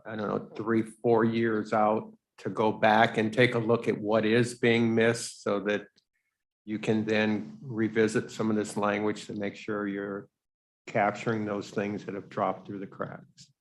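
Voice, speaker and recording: A man's voice: on the low side, completely flat delivery, a little slow. A man in a meeting formally asking a question as a commission member. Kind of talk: meeting discussion.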